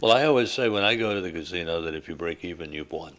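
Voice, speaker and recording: A man's voice: low-pitched, expressive, fast, fairly bright tone. A middle-aged man hosting a radio talk show, chatting and telling stories with emphatic, rising disbelief. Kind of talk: casual on-air chat.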